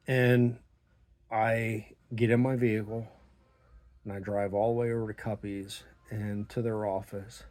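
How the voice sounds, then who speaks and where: A middle-aged man telling a story about his small business in a blunt, profane, animated way, acting out the dialogue. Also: fairly low pitch, measured pace. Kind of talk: casual storytelling monologue.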